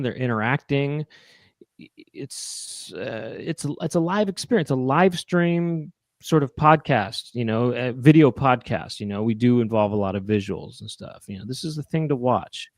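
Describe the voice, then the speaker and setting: A man's voice: medium pitch, dry recording, clean studio sound. A man co-hosting a live chat show, rambling casually with laughs and you-knows.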